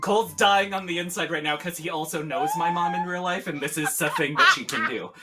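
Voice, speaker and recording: A man's voice: sits high, a little fast, recorded from a distance, over loud music. A man playing in a tabletop game, chatting casually and laughing. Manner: bright, lively, laughing. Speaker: player.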